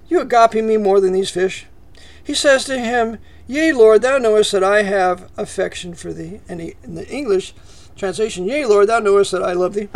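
High, gravelly preacher man. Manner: rises to emphatic peaks, drops to near-whisper asides; reads scripture in old English, then paraphrases conversationally. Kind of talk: expository sermon.

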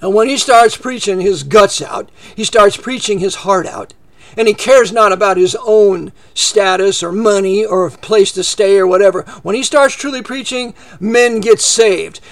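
A man's voice: high voice, moderate pace. A man preaching a fiery political sermon, heated and sarcastic, rambling with restarts.

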